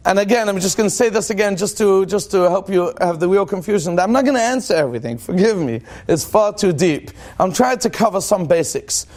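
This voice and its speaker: A rabbi giving a lively, joking religious talk to a live audience, questioning them and acting out what people say. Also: male voice, high-pitched, brisk, hardly any pauses. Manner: animated and joking, acts out quoted thoughts in a dramatic voice.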